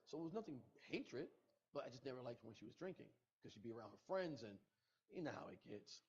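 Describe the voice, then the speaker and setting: A man's voice: medium pitch, expressive, fairly quick, a little mellow. A middle-aged man, a podcast guest, retelling a painful personal loss with emotion, repeating himself and quoting what people said. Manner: emotional, repetitive retelling with quoted dialogue. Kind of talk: personal storytelling. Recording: muffled podcast audio.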